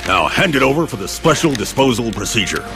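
A man voicing a gruff, middle-aged cartoon spy chief who gives brisk, commanding briefings. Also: medium pitch, big pitch swings, music in the background, lightly acted.

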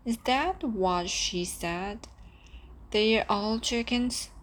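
A woman's voice: a little high, extremely slow, voice pushed up. A woman reading an audiobook, voicing a stern father who weighs every word he says. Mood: suspicious. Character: stern, silent-tempered father at dinner. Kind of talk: audiobook character voice.

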